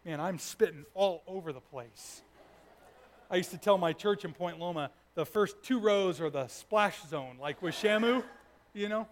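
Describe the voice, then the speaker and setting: High-voiced pastor telling a story. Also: male voice, measured pace, slight background noise. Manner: animated storytelling, swinging from loud to hushed. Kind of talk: sermon with personal testimony.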